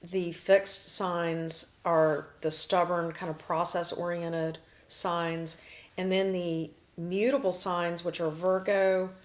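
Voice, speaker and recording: A woman hosting a casual talk show, explaining ideas in lists with quick restarts. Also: fairly low pitch, flat delivery. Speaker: astrology show host.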